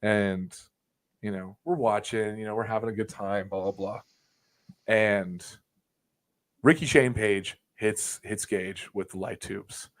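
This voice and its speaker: A young man on a podcast, telling a story casually, swearing freely and acting out quotes loudly. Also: lowish voice, takes it slowly. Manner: animated, profane, acts out quotes loudly. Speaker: podcast co-host.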